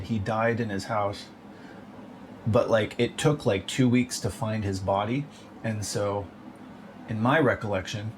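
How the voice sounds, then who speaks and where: Rambling, profane man with a low voice. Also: rough recording. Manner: profane, rambling, filler-heavy with frequent 'like'. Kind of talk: rambling casual monologue. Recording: noticeable background noise.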